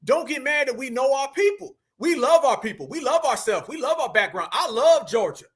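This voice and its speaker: A man's voice: extremely high pitch, expressive, brisk, a bit bright, slightly rough. A man hosting a casual livestream, reacting to a clip and teasing his audience in a mocking, joking way. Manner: mocking, teasing, addresses chat directly. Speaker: livestream host.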